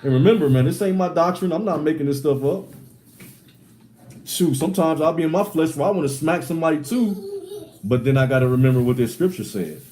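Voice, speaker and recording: Mellow-voiced man teaching scripture emphatically. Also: expressive, a little fast. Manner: emphatic, repetitive, says "man" often; swings between loud sarcastic bursts and low asides. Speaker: Bible study teacher. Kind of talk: street-style Bible teaching.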